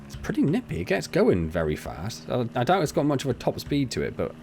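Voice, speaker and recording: A man's voice: mid-range voice, huge pitch swings, brisk, a little mellow, a little hiss or hum. A young man chatting casually and rambling as he plays through a farming game, poking fun at himself. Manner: chatty, rambling, self-mocking. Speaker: gaming channel host. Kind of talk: casual let's play commentary.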